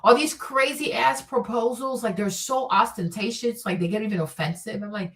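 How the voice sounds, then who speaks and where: A woman's voice: fairly high pitch, moderate pace, a bit bright, recorded from a distance. A woman hosting a casual vlog, giving blunt opinions emphatically and with lots of swearing. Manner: emphatic and profane, repeats "okay?" and "right?". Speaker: vlog host.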